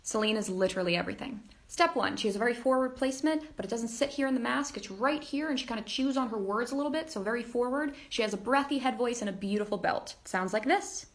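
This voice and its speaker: A woman's voice: a little high, fast, few pauses. A woman explaining step by step, in an upbeat and chatty way, how to sing like pop singers. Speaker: singer and impressionist. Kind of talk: casual singing tutorial.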